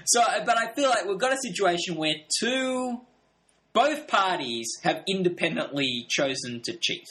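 Lively man chatting, quick to laugh. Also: high voice. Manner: animated, laughs often, acts out quotes in voices. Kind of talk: casual podcast chat about a TV drama.

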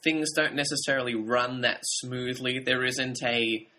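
A man co-hosting a casual film podcast, talking in a thoughtful, measured way with slight hesitations. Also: medium pitch, steady tone, bright, forceful tone, slight background noise. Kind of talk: casual film review chat.

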